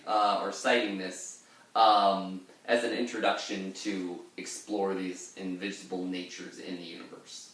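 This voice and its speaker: A low-voiced man talks through a poem in a loose, casual way, pausing often with fillers as he thinks aloud. He sits away from the microphone in a very echoey room. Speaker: reader explaining a poem. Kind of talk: casual literary commentary. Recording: very echoey room, distant mic.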